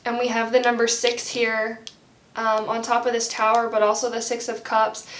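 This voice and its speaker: A young woman reading tarot cards in a gentle, heartfelt way, rambling with lots of "like". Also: a little high, monotone, normal speed, a little hiss or hum. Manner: rambling, heavy use of "like". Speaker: tarot card reader. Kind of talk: pick-a-card tarot reading. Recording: roomy, slightly distant from mic.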